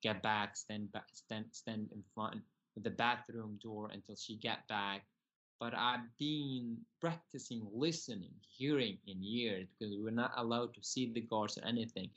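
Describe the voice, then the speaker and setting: Young man, fairly low voice, earnest halting storytelling, podcast guest. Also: fairly even intonation, fairly bright tone, highs cut off. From Syria. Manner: earnest, halting, with broken grammar and restarts. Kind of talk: personal storytelling.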